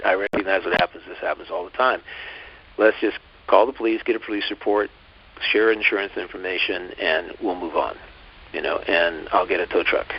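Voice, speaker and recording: A man co-hosting a podcast, calmly telling a personal story in casual chat, with many restarts and asides. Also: sits low, a little fast, slightly rough. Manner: calm, reflective, lots of restarts and asides. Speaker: podcast co-host. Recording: dull lo-fi podcast audio.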